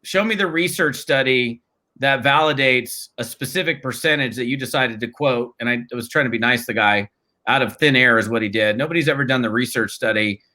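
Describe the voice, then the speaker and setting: Fifties guy, upbeat slangy storyteller, keeps restarting sentences, bright edgy tone. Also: medium pitch, brisk. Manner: energetic, casual, slangy, with frequent restarts. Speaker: guest, network marketing trainer. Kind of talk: conversational interview storytelling.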